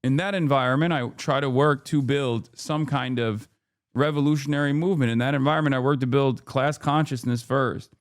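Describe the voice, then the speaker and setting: Briskly and in a steady, medium-pitched voice, a male streamer goes off about politics. His rant is heavy on swearing and exasperated sarcasm, complete with sarcastic mock voices.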